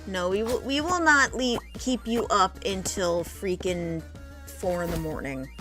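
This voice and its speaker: A woman's voice: medium pitch, measured pace, a bit bright, faint music behind. Chatty Midwestern woman streamer. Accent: American Midwestern. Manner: chatty, thinks aloud. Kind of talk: casual chat while gaming.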